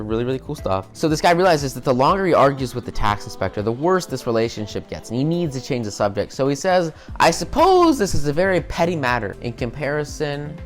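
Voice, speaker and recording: A man giving a casual recorded business lecture, talking loosely with lots of "you know" and repeated words. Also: mid-range voice. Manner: conversational, many fillers and repetitions. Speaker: business skills instructor.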